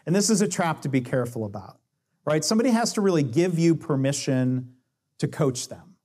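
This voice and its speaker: Male speaker, slightly higher pitch, conversational teaching tone, quotes example dialogue. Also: expressive, a little fast, darkish tone, slightly rough. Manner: explains with acted-out dialogue quotes, shifting pace. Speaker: speaker on coaching and lean management.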